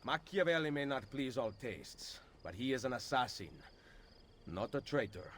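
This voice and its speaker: A man's voice: mid-range voice, animated, normal speed, a bit bright, slight background noise, close to an everyday voice. A man voicing a sly thief leader. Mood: wry. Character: sly male thief leader, dry and calm.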